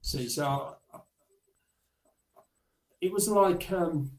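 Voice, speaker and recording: A man's voice: high voice, slight background noise. Reflective man telling stories, echoey room. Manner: halting, reflective, with many restarts. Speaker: guest. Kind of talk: storytelling in a podcast interview.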